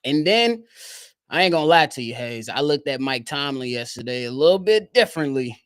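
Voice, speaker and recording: A man calling in to a sports show, talking in a relaxed, slangy way as he thinks out loud. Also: medium pitch, a little fast, smooth, no echo, clean studio sound. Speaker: guest caller. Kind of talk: casual sports talk.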